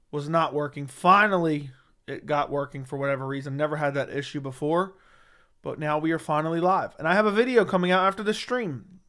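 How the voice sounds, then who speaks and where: A man hosts a casual MMA livestream from his home setup, reading viewer comments and answering defensively and argumentatively, repeating his points. His voice is a little high and a bit bright, recorded on a studio dynamic mic.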